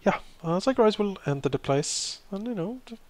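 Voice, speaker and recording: A man's voice: sits high, lively intonation, fairly quick, a little mellow, no room sound. A man playing a tabletop game, describing his character's actions with hesitant restarts. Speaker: player.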